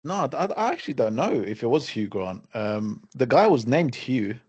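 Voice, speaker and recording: A man's voice: mid-range voice, sing-song, normal speed, a little mellow, slightly rough. A man co-hosting a casual podcast, blunt and full of fillers. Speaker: podcast co-host. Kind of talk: casual chat. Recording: dull lo-fi sound.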